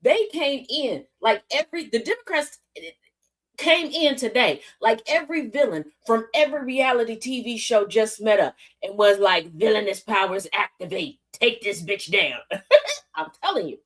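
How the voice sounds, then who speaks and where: A woman hosting a news commentary stream, retelling events in a sassy, animated way and mimicking the people she quotes. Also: on the high side, moderate pace. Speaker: host.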